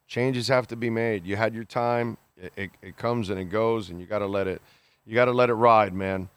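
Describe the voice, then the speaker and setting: A man's voice: on the low side, steady tone, normal speed, smooth, no room sound. A man hosting a radio show, reading listener messages aloud and giving blunt, opinionated takes, swearing casually and calling people bro. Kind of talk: casual call-in radio talk.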